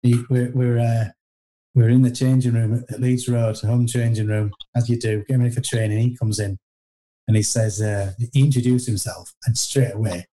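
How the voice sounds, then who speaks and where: A man's voice: mid-range voice, little pitch movement, moderate pace, warm tone. A middle-aged man, a former footballer telling stories in a casual interview, rambling and self-deprecating with many restarts.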